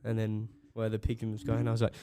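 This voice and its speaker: A young man co-hosting a podcast, giving excitable running commentary between laughs at a desk mic in a small home studio. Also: fairly low pitch, fast talker, no room sound. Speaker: podcast co-host. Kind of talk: casual chat.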